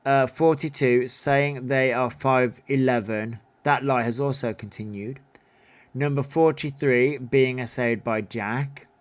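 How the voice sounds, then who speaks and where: Slow-talking man hosting a livestream. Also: medium pitch, fairly even intonation. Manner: reads down a numbered list, adding offhand remarks. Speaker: livestream host. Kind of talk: casual livestream commentary.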